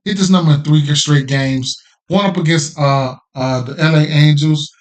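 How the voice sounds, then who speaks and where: On his sports betting podcast, a slightly higher-voiced man talks through picks at normal speed in an easygoing, improvised way. His loose street slang comes with repeated phrases and a steady sprinkling of "right?"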